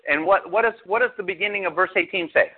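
A man's voice: sits high, quick pace. A male pastor preaching a sermon, talking to his congregation with lots of rhetorical questions. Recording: phone-like narrow sound.

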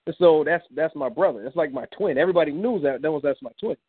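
A man's voice: fast talker, slightly rough, no room sound. A young man, the guest, earnestly telling a personal story in an interview and acting out the dialogue he recalls. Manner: earnest, acts out quoted dialogue with rising pitch. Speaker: guest, comic book creator. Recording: dry phone-line call-in audio.

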